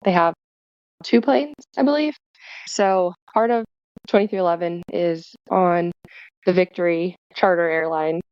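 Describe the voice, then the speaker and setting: A woman guest in a casual podcast chat, telling stories with lively asides. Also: fairly low pitch, clean tone, dry recording. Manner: chatty storyteller, lively asides. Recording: dull, dry lo-fi sound.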